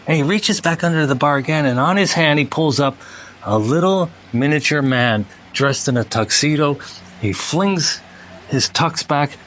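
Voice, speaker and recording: A man's voice: on the high side, expressive, a bit bright, slight background noise. A man hosting a casual chat, telling a long joke in a rambling way. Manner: rambling storyteller, quick bursts. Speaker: host.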